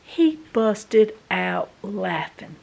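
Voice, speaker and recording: Speaking extremely slowly in a creaky, medium-pitched voice, this woman from the American South shares a homey tale with her camera. She's a chatty, folksy vlogger filming in her doublewide, and she livens up whenever she reenacts what happened.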